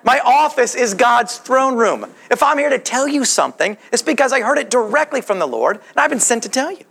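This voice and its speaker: A preacher puts on a lofty male angel with a raised, gravelly edge. Proud and commanding, he speaks slowly and pointedly. His tone swings widely as he asserts his authority. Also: extremely high pitch, sing-song, a bit bright, pitched above the performer's own voice, heavily acted. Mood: commanding, sarcastic. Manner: emphatic, sarcastic retort.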